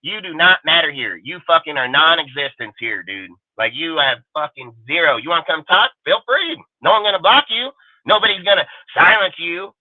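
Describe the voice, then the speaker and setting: Hosting a sports talk panel, a high-voiced man launches into a furious, profanity-filled rant, aggressively boasting and firing off insult after insult. He sounds animated at a moderate pace, and the audio is tinny, phone-like, dry, and echo-free.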